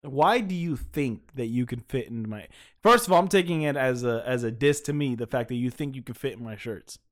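Lively man joking on a podcast. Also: medium pitch, brisk. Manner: profane, animated, laughing often. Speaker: podcast co-host. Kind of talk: casual podcast banter.

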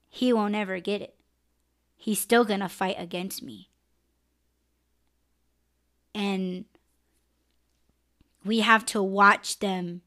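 A woman's voice: mid-range voice, fairly bright tone. A woman hosting a live-stream podcast, talking candidly and emotionally and swearing freely. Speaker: podcast host.

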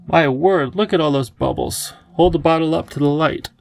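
A man voicing a wise, playful elderly male professor who talks in a gentle, enthusiastic teacherly way. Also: on the high side, normal speed, vocal fry, voice pushed up. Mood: kindly.

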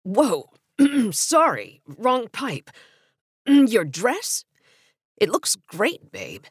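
A woman's voice: a little high, wildly swooping pitch, drawn-out words, slightly rough, dry recording, studio quality, exaggerated voice. A woman reading a smug businessman boyfriend. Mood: offhand. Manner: offhand, condescending.

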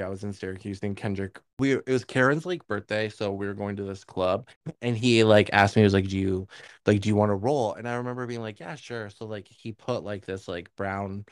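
A man's voice: lowish voice, clear, resonant tone, no echo, clean studio sound. A young man co-hosting a podcast, telling rambling stories in casual chat with lots of fillers and swearing. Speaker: podcast co-host.

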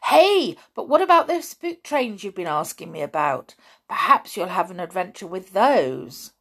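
A woman reading aloud, voicing an eager, excitable farm boy who longs for adventure. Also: normal speed, gravelly, breathy edge, heavily acted. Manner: eager, breathless, pitched up.

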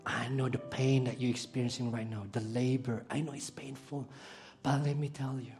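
Man doing a soothing older mother, low and hushed, almost whispering. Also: little pitch movement, normal speed, soft background music, close to an everyday voice. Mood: comforting. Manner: soft, hushed, near-whispered reassurance. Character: experienced mother of twenty, gentle and comforting.

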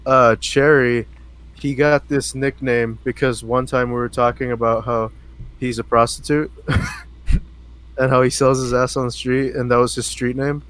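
A man's voice: medium pitch, fairly even intonation, unhurried, fairly bright tone, clean tone. A young man co-hosting a podcast, chatting casually, laughing often and swearing as he tells stories. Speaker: podcast co-host. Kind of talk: casual chat.

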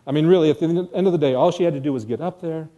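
An American man tells an audience a personal story in vivid present tense, earnest and poking fun at himself. He speaks very fast with a fairly high, dark-toned voice, and the audio sounds dull.

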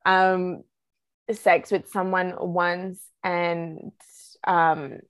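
A woman's voice: fairly low pitch, little pitch movement, drawn-out words, smooth, no echo. A young woman telling stories as a podcast guest, rambling and giggling, with many fillers. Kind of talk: casual podcast chat.

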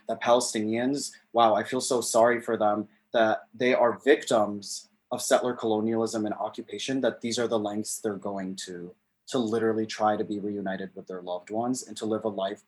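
A man talking in a casual conversation, passionate and emphatic, with many "like" fillers. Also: lowish voice.

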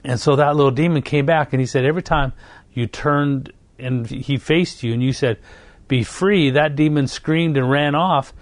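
A man's voice: a little high, moderate pace, dry recording. Earnest male preacher, dry sound. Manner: earnest storytelling, repeats phrases, occasional self-corrections. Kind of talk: sermon with scripture reading and personal story.

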